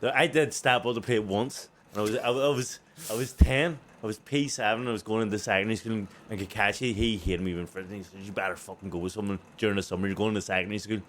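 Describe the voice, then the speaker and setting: A young man with a Belfast accent, co-hosting a podcast and telling profane stories in an animated way, laughing often. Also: lowish voice, quick pace, a little hiss or hum. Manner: animated, profane storytelling that keeps breaking into laughter. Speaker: co-host. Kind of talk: casual podcast chat.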